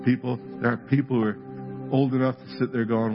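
A male pastor with a medium-pitched voice talks briskly and flatly while preaching and praying in a church service. He sounds earnest and conversational throughout this sermon with prayer ministry. Music runs behind the dull, lo-fi recording.

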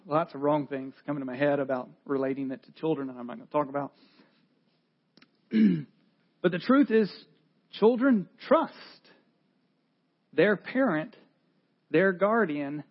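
A man's voice: a little high, husky, lo-fi sound. A man in his forties who is a pastor, preaching a sermon in an earnest, conversational way and often restarting his phrases.

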